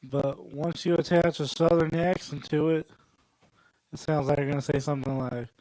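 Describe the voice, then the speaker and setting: A young man doing a stand-up set at a comedy club, rambling and working the crowd with deadpan asides. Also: on the high side, moderate pace, no room sound, rough recording.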